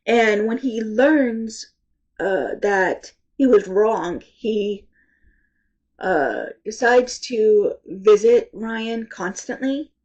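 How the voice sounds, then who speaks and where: A woman reviewing books in a casual, rambling chat, halting often and sounding congested from allergies. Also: mid-range voice, a little mellow, lo-fi sound. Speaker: book reviewer.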